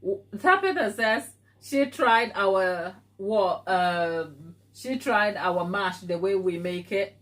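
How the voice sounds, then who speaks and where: A woman's voice: mid-range voice, expressive, unhurried, few pauses, fairly bright tone. A woman from Africa hosting a live baking stream from her kitchen, chatting playfully with viewers and teasing them by name. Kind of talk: casual live-stream chat reading viewer comments. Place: home kitchen.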